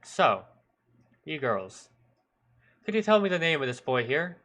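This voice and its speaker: A man's voice: fairly high pitch, big pitch swings, a little slow, a bit bright, pitched above the performer's own voice. A man voicing a sly middle-aged police detective who speaks with smarmy, overly polite chuckling. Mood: probing.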